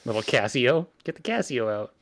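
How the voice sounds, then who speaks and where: A man co-hosting a casual podcast, firing off crude jokes with a lively, swooping pitch. His voice sits at an ordinary middle height for a man. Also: moderate pace, a crowd in the background. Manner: joking, crude quips. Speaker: podcast co-host. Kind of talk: casual chat.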